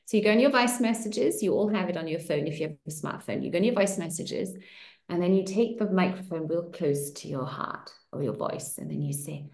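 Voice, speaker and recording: A woman hosting an online circle, coaching listeners warmly through affirmations with animated, encouraging delivery. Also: on the low side, a little fast, gravelly, roomy sound. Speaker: host of a women's money circle. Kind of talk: coaching talk to an online group.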